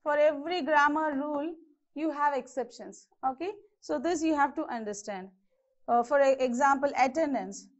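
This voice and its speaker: Woman, high voice, patient grammar teacher, slightly muffled recording. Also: normal speed. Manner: repeats words and checks in with "okay". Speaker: English teacher. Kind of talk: classroom grammar lesson. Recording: slightly dull lo-fi lesson audio.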